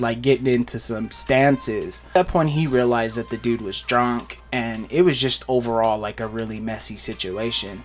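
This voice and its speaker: A young man casually retelling a wild fight story, acting out the other people's lines as he goes. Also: medium pitch. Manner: animated retelling with voiced quotes.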